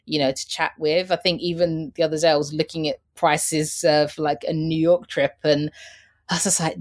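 A woman's voice: low-pitched, little pitch movement, normal speed. A woman talking casually as a podcast guest and fashion insider, chatty, with frequent laughter and fillers. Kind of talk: casual chat about a TV show.

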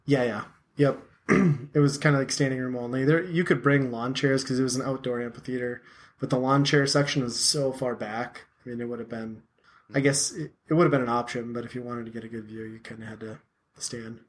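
A man's voice: mid-range voice, fairly even intonation, a little fast. Rambling man hosting a podcast. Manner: rambling, lots of "like" fillers, self-deprecating. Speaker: podcast host. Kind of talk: casual podcast chat.

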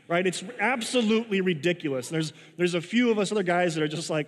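A man preaching a sermon in a casual, storytelling way, full of halting restarts and chuckles at his own story. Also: high voice. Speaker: pastor. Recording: long reverb of a large hall.

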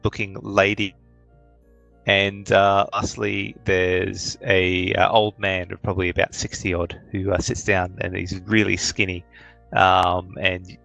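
A man narrating a tabletop game as game master, with halting speech full of fillers. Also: sits low, level tone, vocal fry, fairly bright tone, faint music behind, rough recording.

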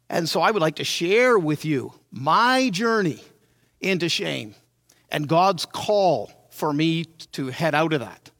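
A man in his sixties preaching a sermon, telling his childhood story in a dramatic, animated way. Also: sits high, no room sound, clean studio sound. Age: 60s.

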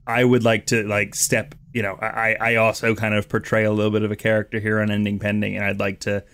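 A man's voice: lowish voice, monotone, fast, gravelly, fairly bright tone. A man co-hosting a casual podcast, talking hesitantly with lots of stammering and fillers. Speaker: podcast co-host.

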